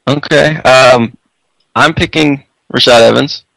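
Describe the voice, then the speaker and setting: A man hosting a casual radio show, talking in a slow, laid-back way. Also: medium pitch, fairly even intonation, creaky, fairly bright tone, no room sound, low-quality recording.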